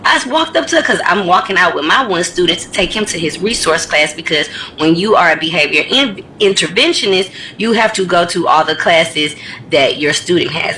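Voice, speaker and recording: A woman ranting to camera in a casual vlog, telling the story in an animated, blunt and profane way. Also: fairly low pitch, a little hiss or hum, poor audio. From United States. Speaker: vlogger.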